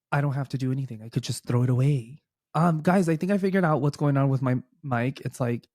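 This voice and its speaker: A young man hosting his own podcast from a room at home, talking casually at a desk microphone in a chatty, animated way, full of fillers. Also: medium pitch, no echo, studio quality. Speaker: podcast host. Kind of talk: casual chat.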